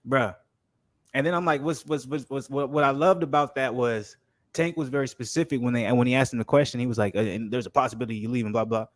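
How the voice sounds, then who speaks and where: A man co-hosting a casual podcast chat, explaining things in a rapid, emphatic way. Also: mid-range voice, fairly even intonation, dry recording. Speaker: podcast co-host.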